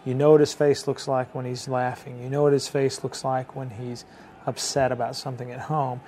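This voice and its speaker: A man trader in a documentary interview, describing things in a measured, careful way. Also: medium pitch, little pitch movement, mellow, a little hiss or hum.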